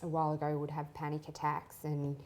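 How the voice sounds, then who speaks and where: Low-voiced woman interviewer, supportive. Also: completely flat delivery, a little fast, darkish tone. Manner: supportive, frequent short affirmations. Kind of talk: casual chat.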